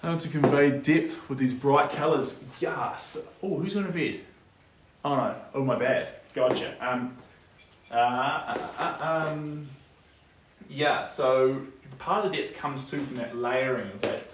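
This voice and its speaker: A man's voice: mid-range voice, unhurried. A young New Zealand man with a New Zealand accent painting on a live stream, chatting casually, answering viewer comments and muttering to himself as he works. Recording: echoey room, distant mic, noisy.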